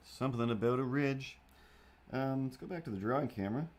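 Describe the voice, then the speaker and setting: A young man talks loosely into a desk mic while he draws on a livestream. His pitch sits in the middle for a man. He meanders from topic to topic and makes fun of himself in a goofy, offhand way. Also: fairly quick. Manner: meandering, self-deprecating, goofy. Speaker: livestream host. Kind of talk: rambling casual chat while drawing.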